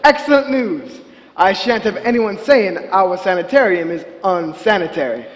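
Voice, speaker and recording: A proper, curious asylum doctor, played by a man on stage speaks in clipped, formal sentences. His voice sits high for a man. The long reverb of a theatre hall trails behind him. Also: expressive. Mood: composed. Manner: formal, measured, clipped diction. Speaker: stage actor. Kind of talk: live stage acting.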